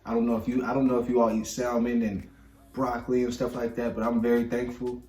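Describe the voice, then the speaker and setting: A young man talks in a relaxed, slangy way between bites, co-hosting a casual vlog. His voice bounces around an echoey room. Faint music plays underneath. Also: medium pitch, fast talker. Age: young adult. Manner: laid-back, slangy, talks while eating. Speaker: vlog co-host. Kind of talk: casual chat over a meal.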